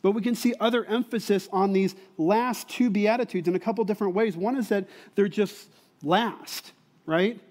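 A man's voice: high voice, moderate pace, darkish tone. A man and Bible teacher giving a sermon to college students in a conversational way, often repeating words and asking the listeners whether they see it.

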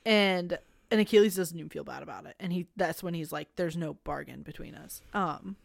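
A young woman co-hosting a podcast, chatting casually and emphatically about a book, quick to laugh. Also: fairly low pitch, gravelly, no room sound, clean studio sound. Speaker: podcast co-host.

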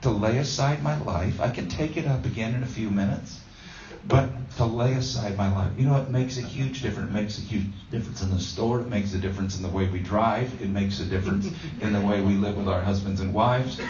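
A man's voice: lowish voice, brisk, darkish tone, a little hiss or hum. A man giving a conversational sermon as a pastor, telling a self-deprecating story with plenty of fillers. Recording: roomy, distant, dull sound.

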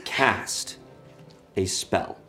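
A man running a tabletop game as game master, narrating with lively storytelling. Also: very slow, faint music behind.

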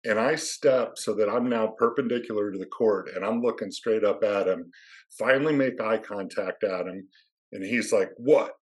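A man's voice: fairly low pitch, normal speed. A man, an athletic administrator, telling a story in a dry, understated way as a podcast guest.

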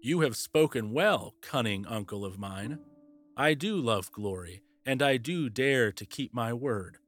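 A man's voice: mid-range voice, expressive, unhurried, fairly bright tone, soft background music. A man voicing an eager young hero. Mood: resolute. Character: bold young male hero, earnest and quick-tempered.

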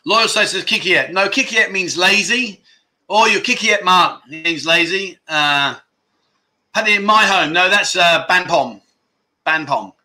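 A man's voice: high-pitched, animated, unhurried, pushed and bright. A man from London with a London accent hosting a casual livestream chat show, chatty and jokey as he reads out viewer comments. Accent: London English. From London, England. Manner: chatty and jokey, rambling with restarts and laughs. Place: living in Thailand.

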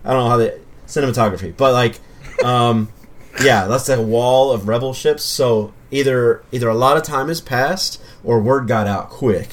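A man's voice: mid-range voice, moderate pace, a little hiss or hum. A man co-hosting a casual podcast, rambling and restarting his sentences as he talks. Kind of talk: casual chat.

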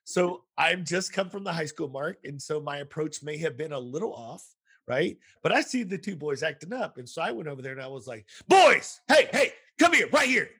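A man's voice: on the high side, a little fast, slightly rough. A man hosting a podcast, chatting casually with a guest and telling stories full of acted-out quotes. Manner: animated storytelling with quoted voices. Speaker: podcast host, school counselor.

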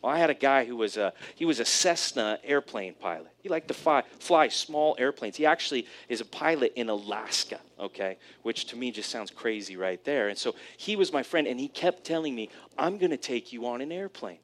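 A man preaching a sermon, telling a personal story in an animated way, often checking in with "right?". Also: mid-range voice, a little fast, few pauses. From California, USA. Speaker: pastor.

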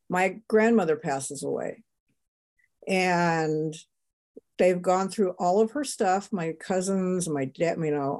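An older woman, a show guest, giving an emotional, animated personal testimony. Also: lowish voice.

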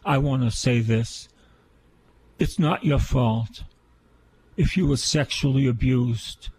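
A man's voice: mid-range voice, slow, a little mellow, slight background noise. A man, a priest, giving an earnest sermon on scripture and repeating key phrases for emphasis.

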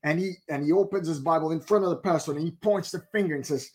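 A middle-aged man preaching a sermon, telling a story and acting out the people in it with lively voices. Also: fairly high pitch, brisk. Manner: animated storyteller acting out characters.

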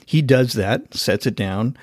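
A man hosting a podcast, telling a story in an animated, casual way and acting out the voices of the people in it. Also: medium pitch, measured pace, no room sound, clean studio sound. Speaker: podcast host.

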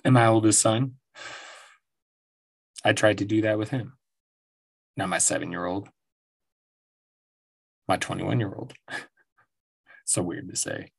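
Gravelly, husky-voiced man rambling casually. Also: lowish voice, little pitch movement, slow, long pauses. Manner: rambling, profane, laughs often. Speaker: podcast host. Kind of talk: casual monologue. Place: at home.

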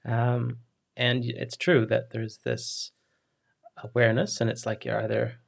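A man's voice: medium pitch, flat delivery, a little slow, gravelly. A man hosting a conversational interview, asking questions in a hesitant way. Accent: non-Australian. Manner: hesitant, many fillers and restarts. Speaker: host.

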